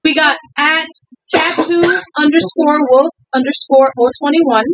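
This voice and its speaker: A woman co-hosting a casual podcast, playful and teasing, laughing often as she reads out listener shout-outs. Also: high voice, steady tone, a little slow, background noise. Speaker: podcast co-host.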